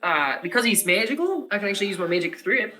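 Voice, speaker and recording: A man's voice: sits high, very animated, fast, bright, forceful tone. A man playing a tabletop role-playing game, in character, rambling and hesitant with lots of fillers.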